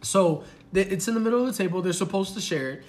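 A man co-hosting a podcast, telling a story in an animated, profane way and acting out the people in it. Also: high voice, fast. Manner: animated, profane, acts out the people in his stories. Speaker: podcast co-host. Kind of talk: casual storytelling chat.

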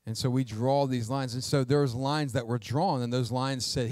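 A man's voice: mid-range voice, fairly even intonation, normal speed, a little mellow, no room sound, clean studio sound. A male pastor preaching a sermon, emphatic and asking the congregation questions.

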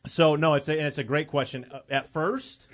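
A man's voice: on the high side, steady tone, a little fast. A young man from the Chicago area, a guest on a talk show, telling a personal story in an earnest, rambling way with many fillers.

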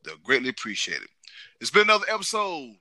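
A man's voice: mid-range voice, wildly swooping pitch, quick pace, bright, forceful tone, no room sound. A man co-hosting a casual sports podcast, joking around and delivering the show's sign-off. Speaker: podcast co-host.

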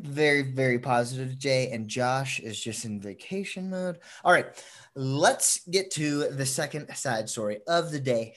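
A young man co-hosting a casual podcast, excitable and quick to swear and laugh. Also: a little high. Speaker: podcast co-host.

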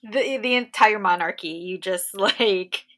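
A woman's voice: mid-range voice, measured pace, fairly bright tone. A woman from Canada co-hosting a podcast in casual chat, blunt and wry, swearing freely. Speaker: podcast co-host.

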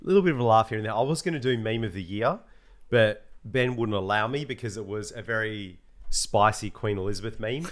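A man's voice: lowish voice, brisk. A man co-hosting a podcast, chatting casually, laughing often and full of slang. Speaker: podcast co-host. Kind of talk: casual chat.

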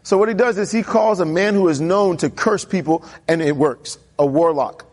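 A man preaching a sermon as pastor, telling a Bible story with animated character voices and questioning the congregation. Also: normal speed, breathy edge. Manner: animated storytelling, voicing characters with pitch jumps.

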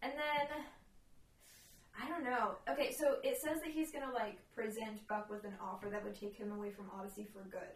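A young woman co-hosting a casual podcast chat at home, rambling and giggly with lots of "like" and "um", her voice going hoarse as she loses it. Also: mid-range voice, steady tone, a little fast, far from the mic. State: losing her voice. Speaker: podcast co-host. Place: room at home. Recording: roomy, off-mic, faint noise.

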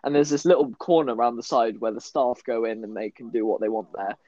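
A man's voice: medium pitch, quick pace, warm tone, no echo. A young man from the of England, co-hosting a podcast and chatting through funny stories, with stammered restarts and laughs. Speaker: podcast co-host. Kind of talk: casual storytelling chat. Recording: dull lo-fi dry recording.

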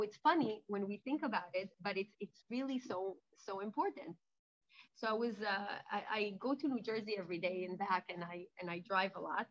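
A woman giving an informal holiday talk. She tells animated stories with many restarts. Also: mid-range voice. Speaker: speaker. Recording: dull lo-fi recording.

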